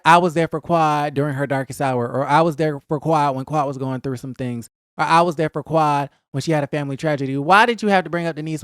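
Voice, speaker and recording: A man hosting his own channel, sassy and animated as he fires off rhetorical questions in casual pop-culture commentary. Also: sits high, smooth, dry recording, studio quality. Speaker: host.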